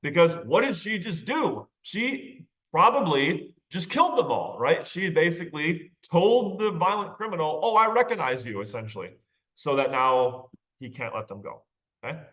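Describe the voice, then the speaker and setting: Slightly high and sing-song, a bit bright, his voice keeps a moderate pace. The male literature teacher gives a casual recorded lecture on a short story, chatting conversationally with light laughs and check-ins of "okay?" and "right?"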